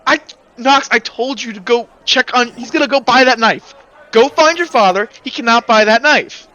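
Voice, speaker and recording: A man's voice: high voice, normal speed, pushed and bright, clean tone, dull audio. A man playing a stern, nagging mother. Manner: nagging, exasperated. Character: stern scolding middle-aged mother.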